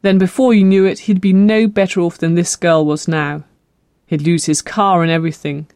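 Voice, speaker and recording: Measured audiobook narrator, dry sound. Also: medium pitch, fairly even intonation, darkish tone, clean tone, no room sound. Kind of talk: scripted narration.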